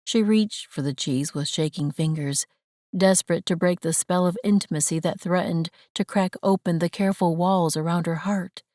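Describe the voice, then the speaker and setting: A woman narrating a romance audiobook in a measured, gentle storytelling manner, close to the mic. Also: lowish voice, no room sound. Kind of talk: scripted narration.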